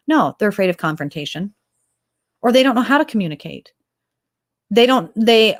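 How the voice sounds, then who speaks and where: A woman's voice: on the high side, expressive, a little fast. A woman, a mother, hosting an opinionated talk show, firing off rhetorical questions and acting out quoted exchanges. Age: adult mother. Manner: impassioned, fires off rhetorical questions; acts out quoted dialogue in other voices. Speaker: host.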